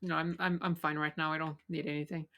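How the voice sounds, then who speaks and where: A woman speaking in character at a tabletop game, halting and hesitant, with frequent false starts. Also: sits low, flat delivery, highs cut off. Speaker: tabletop player. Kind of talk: casual in-character tabletop chat.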